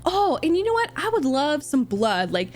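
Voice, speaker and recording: Woman doing a young male bard, high, giddy, nosy, teasing. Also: big pitch swings, normal speed, darkish tone.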